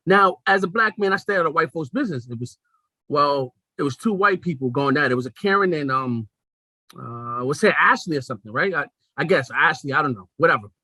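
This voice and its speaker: A man tells a story as a podcast host, swinging his pitch all over the place. His voice is high, bright and a little husky. He talks in a loose, profane, conversational way, as if he is riding a train. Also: animated, fairly quick, no echo, rough recording. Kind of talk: casual storytelling monologue.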